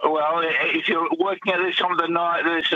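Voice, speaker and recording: A man's voice: on the high side, little pitch movement, normal speed, pushed and bright. A man calling in to a late-night radio quiz over the phone, dry and matter-of-fact. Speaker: caller. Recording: dull phone line.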